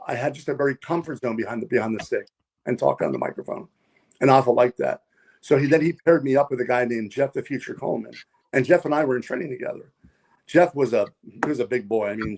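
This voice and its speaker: Long, wandering stories come from a man with a slightly mellow, mid-range voice, a wrestler and pilot guesting on a podcast. The interview is casual, and he leans heavily on fillers and repeated words.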